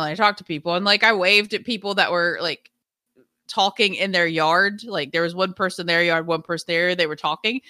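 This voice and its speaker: A woman's voice: mid-range voice, pushed and bright, no room sound, studio quality. A woman co-hosting a live stream in casual chat, blunt and brash, swearing freely and mimicking people. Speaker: streamer co-host.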